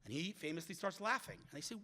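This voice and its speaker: A middle-aged man giving a speech at a community event, telling stories in an animated way, with frequent restarts and repeated words. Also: on the high side, fast. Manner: animated storyteller who acts out quoted voices. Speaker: guest speaker.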